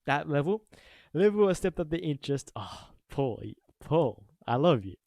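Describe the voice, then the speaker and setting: A man making a football reaction vlog, excitable, repeating his exclamations and laughing loudly. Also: fairly high pitch, moderate pace, no room sound. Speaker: football fan YouTuber.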